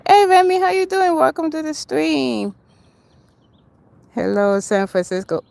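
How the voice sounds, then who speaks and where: A woman's voice: sits high, sing-song, unhurried, vocal fry, darkish tone, no room sound. A middle-aged woman hosting a rambling livestream outdoors, chatting to viewers by name and jumping between opinions as she walks city streets. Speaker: livestream host. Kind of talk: rambling livestream chat while walking.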